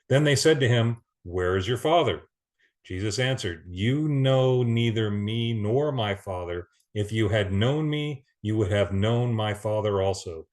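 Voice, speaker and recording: A man giving an earnest Bible teaching, reading scripture aloud with pauses and restarts. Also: fairly low pitch, a little mellow.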